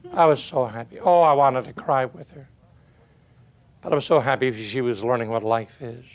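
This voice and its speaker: A man giving a folksy motivational speech, full of rhetorical questions and stories. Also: medium pitch. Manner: emphatic, rhetorical questions, storytelling. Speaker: motivational speaker.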